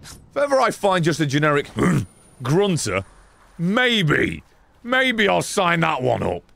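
A man streams a game and talks back to it with sarcasm and plenty of swearing. His voice is gravelly and a little high, and it leaps around in pitch as he reacts. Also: wildly swooping pitch, slow, pushed and bright. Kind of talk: live gameplay commentary.

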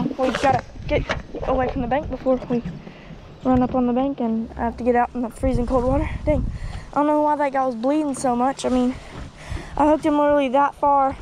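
Excitable outdoor fishing vlogger, a man. He talks on a boat in rough weather, and heavy wind noise covers the recording. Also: very high-pitched. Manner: excitable, talks to himself and the fish. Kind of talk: casual outdoor fishing vlog. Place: small boat on a lake, outdoors in wind and rain. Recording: loud wind and rain noise.

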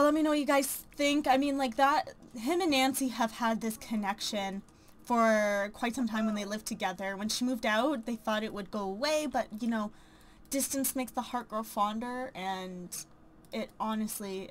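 A young woman giving excitable let's play commentary, gasping and exclaiming dramatically over the game. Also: on the high side, normal speed, slight background noise. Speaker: gaming YouTuber.

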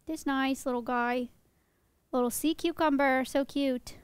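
A woman's voice: sits high, steady tone, a little slow, clear, resonant tone, dry recording. A young woman teaching her stream chat about animals in a playful, joking way, often laughing. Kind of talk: casual livestream lesson.

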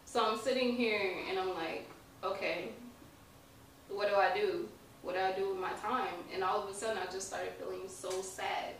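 A woman's voice: mid-range voice, steady tone, moderate pace, distant mic. A young woman, an artist guest on a podcast, chatting casually, laughing often and restarting her sentences. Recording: echoey room, voice from off-mic, faint noise.

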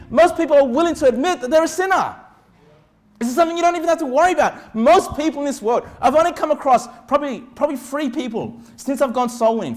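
A man preaching as pastor, with quick asides and sudden shouted lines. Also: very high voice. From Australia. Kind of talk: sermon.

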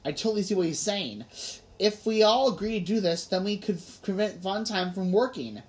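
A woman voicing an eager, excitable schoolboy, in an audiobook reading. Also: medium pitch, moderate pace, close to an everyday voice.

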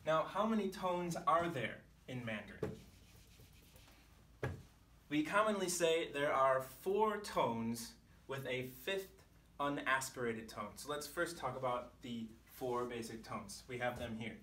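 A man explains a language lesson slowly and patiently, with a bright, forceful tone. He is recorded in an echoey room from some distance. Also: expressive, slight background noise. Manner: clear, patient, demonstrates pitch with sung syllables. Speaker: Chinese teacher.

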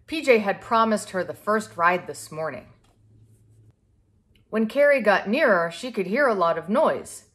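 Lady reading a kids book out loud, expressive, easy storytelling. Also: medium pitch, a little slow. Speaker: storybook reader. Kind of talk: reading a picture book aloud to a child.

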